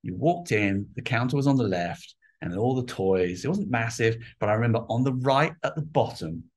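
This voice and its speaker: A man's voice: medium pitch, normal speed, slightly rough. A middle-aged man telling stories in a casual interview chat, acting out voices from his childhood. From England. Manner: animated storyteller, acts out childhood voices. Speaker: guest artist.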